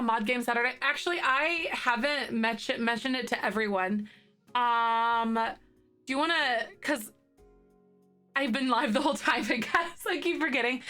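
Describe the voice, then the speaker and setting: A woman in her thirties chatting with her live viewers from a home streaming setup, her voice slightly hoarse with morning throat. She talks in a bubbly, rambling way and giggles often, in a bright, rather high voice. Soft music plays faintly behind her. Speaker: livestreamer. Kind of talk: casual chat with live viewers.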